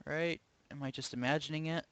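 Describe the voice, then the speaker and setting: A sleepy, yawning chess streamer commentates his own online game live, thinking aloud in hesitant, self-questioning remarks. His medium-pitched voice moves at a measured pace, and the recording is rough.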